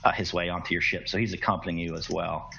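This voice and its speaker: Low-voiced guy running a tabletop game, bright tone, kinda lo-fi recording with some hiss. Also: fast, vocal fry. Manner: relaxed, hedging explanations with fillers. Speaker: game master.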